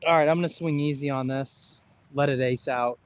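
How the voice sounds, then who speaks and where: A man's voice: mid-range voice, steady tone, brisk, clean tone. Man talking through his golf shots. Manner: thinks aloud through each shot. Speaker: golfer and co-host. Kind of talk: casual livestream chat. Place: outdoor golf course in rain.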